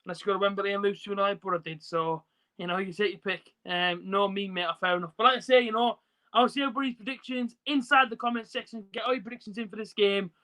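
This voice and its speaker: A man's voice: sits high, fairly even intonation, fast, pushed and bright, low-quality recording. A man casually chatting on a football watch-along live stream, reading out viewer comments with lots of fillers. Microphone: phone.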